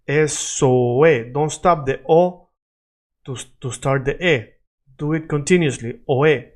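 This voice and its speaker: A Latin American man with a voice on the high side gives an improvised Spanish pronunciation lesson. He draws out and repeats sounds so the learner can copy them.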